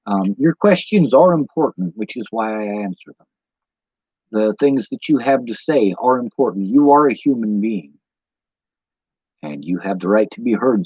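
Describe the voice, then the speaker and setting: A man's voice: medium pitch, darkish tone, slightly rough, dry recording. A tired man with a Midwestern American accent, rambling casually to his livestream chat and drifting off on tangents. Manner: meandering, goes off on tangents, many ums. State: tired from lack of sleep. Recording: dull lo-fi stream audio.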